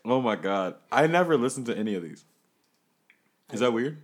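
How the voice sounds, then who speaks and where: A man co-hosting a comedy podcast, joking and swinging between mumbles and loud laughter. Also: mid-range voice, big pitch swings, normal speed. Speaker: podcast co-host. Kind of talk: casual comedy podcast banter.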